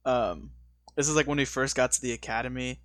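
A relaxed man recounts an anecdote to friends, stacking fillers and "he's like" before each quote. His voice is mid-pitched and recorded close in a dead, dry space. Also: brisk, no room sound. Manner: laid-back, filler-heavy, repeats "he's like". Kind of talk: casual storytelling chat.

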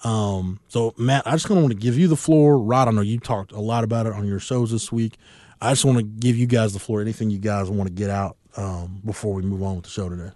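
A man in his thirties hosting a casual sports talk show, speaking reflectively with many halting fillers. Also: on the low side, steady tone, a little mellow, no echo, clean studio sound. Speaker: podcast host.

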